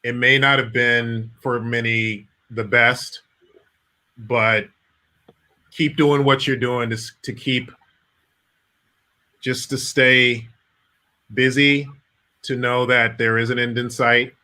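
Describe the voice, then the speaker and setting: A man guest on a video call, speaking politely and in measured phrases. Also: medium pitch, flat delivery, pushed and bright. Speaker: guest actor. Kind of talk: casual video-call chat.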